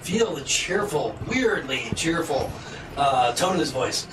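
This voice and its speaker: Male game master, halting narration, faint roomy sound heard from a distance, with noise behind. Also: on the high side, animated. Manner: halting, many ums and restarts. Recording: echoey room, mic at a distance.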